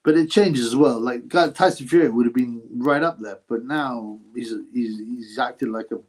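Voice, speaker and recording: A man's voice: medium pitch, moderate pace. A British man with an ordinary mid-range voice hosts a casual live chat. He reads each viewer question aloud, then fires back a blunt, crude answer. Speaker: livestream host answering chat.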